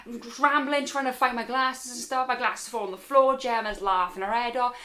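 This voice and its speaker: A woman's voice: fairly high pitch, fairly even intonation, a little fast, bright, forceful tone, slight background noise. A young woman with a Welsh accent telling a story to her viewers in a chatty, rambling way, talking to them as guys. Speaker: vlogger. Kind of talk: casual storytime.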